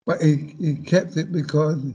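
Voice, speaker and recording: A man speaking as a panel guest, talking slowly and haltingly with many restarts. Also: a little high, steady tone, mellow, slightly rough, highs cut off. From Caribbean heritage. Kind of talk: panel discussion.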